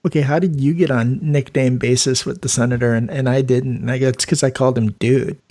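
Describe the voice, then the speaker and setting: Brief: male host, easygoing storyteller, mid pitch, chatty and amused. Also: steady tone, a little fast, mellow. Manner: laid-back, laughs often, acts out quoted voices. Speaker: podcast host, ER nurse. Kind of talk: casual storytelling chat.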